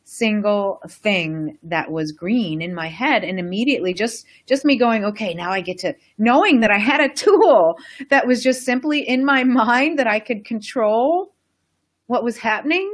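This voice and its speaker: A woman's voice: a little high, expressive, moderate pace. A woman hosting a casual wellness live stream, talking to viewers in a chatty, rambling, enthusiastic way. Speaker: wellness host.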